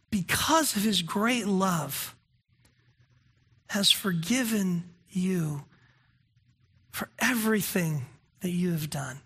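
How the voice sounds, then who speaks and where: Bright-voiced preacher giving a sermon. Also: mid-range voice, slightly rough. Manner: earnest and conversational, asks the listeners questions. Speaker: pastor.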